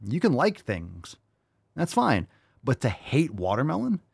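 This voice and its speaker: Man, podcast host, sarcastic mock anger, lively swooping pitch, dry close sound. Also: a little slow, vocal fry, husky, no echo. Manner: mock-angry, sarcastic, swings between loud and muttering. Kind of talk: casual comedic banter.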